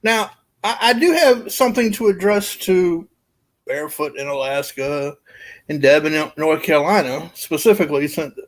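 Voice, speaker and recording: A man's voice: a little high, normal speed. Man telling a rowdy story. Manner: animated storyteller, laughing through his own anecdote. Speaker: guest storyteller. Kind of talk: casual chat.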